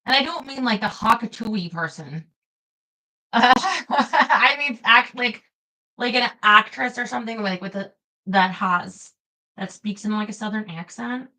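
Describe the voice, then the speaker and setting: A woman's voice: a little high, animated, unhurried, bright, forceful tone, poor audio. A young woman streaming live, chatting casually with her viewers, laughing often and reading out their comments. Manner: chatty, giggly, reads chat aloud.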